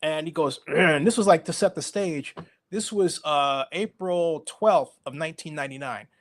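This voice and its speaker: A middle-aged man telling stories as an interview guest, animated and acting out the voices of people he quotes. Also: on the high side, normal speed. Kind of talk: storytelling interview.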